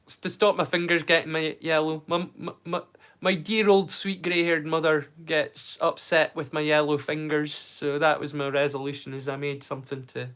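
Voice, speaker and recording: A man's voice: on the high side, flat delivery, moderate pace, fairly bright tone, smooth. A Scottish man in his thirties chatting casually on a livestream, rambling and often repeating his first words. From Scotland. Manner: rambling, repeats words when starting sentences. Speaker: livestream host.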